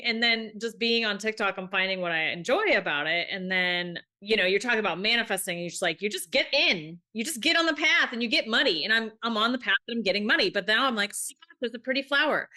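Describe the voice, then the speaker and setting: A woman co-hosting a podcast in casual chat, animated and acting out little quoted voices as she tells stories. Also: fairly high pitch, brisk. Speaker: podcast co-host.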